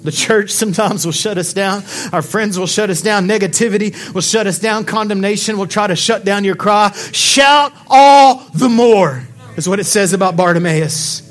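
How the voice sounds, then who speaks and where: Guy preaching in church, high bright voice, gets real fired up and shouts, soft music under. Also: fairly even intonation, fairly quick, few pauses. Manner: passionate preaching, swings from quiet to shouting; rhetorical questions to the congregation. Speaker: pastor. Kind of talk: sermon. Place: church sanctuary.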